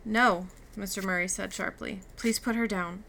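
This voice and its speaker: Gravelly woman reading a story aloud. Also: medium pitch, steady tone, moderate pace, fairly bright tone, slight background noise. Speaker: reader. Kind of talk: audiobook reading with character dialogue.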